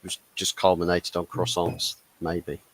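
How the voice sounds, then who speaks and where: A man's voice: deep voice, completely flat delivery, a little slow, vocal fry, slight background noise, rough recording. A man on a football podcast panel, chatting casually in a rambling, jokey way over a video call. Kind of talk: casual chat.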